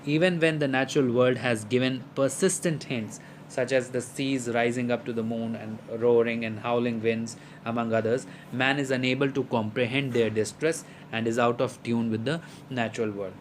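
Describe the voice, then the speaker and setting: A man's voice: medium pitch, steady tone, normal speed, slight background noise, poor audio. A man teaching a lesson, explaining a poem at length with many fillers and restarts. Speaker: literature teacher.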